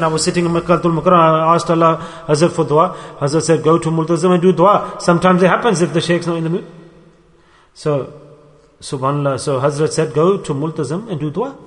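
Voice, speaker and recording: A man's voice: fairly high pitch, big-room sound. A man delivering an earnest sermon, repeating points and mixing in Arabic and Urdu religious terms. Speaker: religious teacher.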